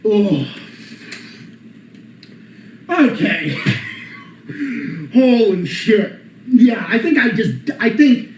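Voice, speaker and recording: A man with a strikingly high voice rants on a livestream. He talks in a heated, profane way to his viewers. The echo of the room he sits in is clearly heard. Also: very animated, very slow, pauses often. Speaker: channel host. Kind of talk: livestream rant. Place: apartment room. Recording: echoey room.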